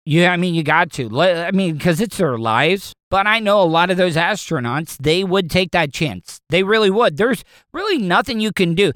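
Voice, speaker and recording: A man's voice: high-pitched, animated, moderate pace, hardly any pauses, fairly bright tone, no room sound, studio quality. A man talking casually and at length, rambling and restarting his sentences often. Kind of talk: casual opinion talk.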